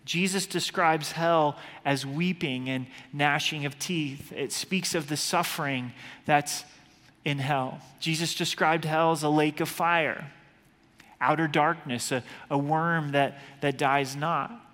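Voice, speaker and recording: A man's voice: on the high side, steady tone, takes it slowly, a bit bright, big-room sound. A man preaching a sermon as pastor, earnest and urgent, often restarting his words. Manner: earnest, urgent preaching with repeated word starts.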